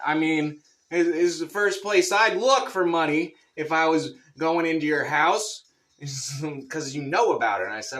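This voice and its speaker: A man telling a rambling stand-up story in a deadpan, profane way. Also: on the high side, unhurried. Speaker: comedian.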